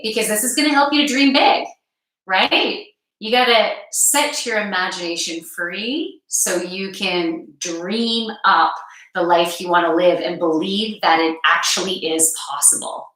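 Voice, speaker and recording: A woman guiding a live card reading and breathing session in a slow, soothing way, step by step. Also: medium pitch, sharp tone. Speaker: card reader and meditation guide. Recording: very echoey room.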